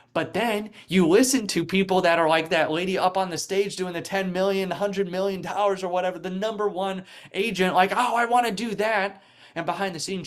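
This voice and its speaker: A man speaking as a guest in a casual interview, telling stories with energy, acting out quoted voices, and filling his talk with "like". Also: a little high. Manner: animated storytelling, acting out quoted voices, frequent "like" fillers. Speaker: podcast guest, real estate coach.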